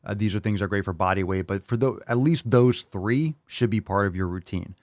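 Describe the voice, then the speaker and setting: Brisk and lowish, with a darkish tone and no echo, this man's voice carries his fitness podcast. As host and coach, he's brash and enthusiastic, joking and cursing in between casual training tips.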